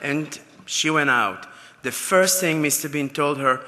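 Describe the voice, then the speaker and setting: A man's voice: on the high side, measured pace, pushed and bright, slight background noise. A man giving an acceptance speech at a gala, telling heartfelt stories. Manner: heartfelt, anecdotal storytelling. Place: large gala ballroom. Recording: long hall reverb.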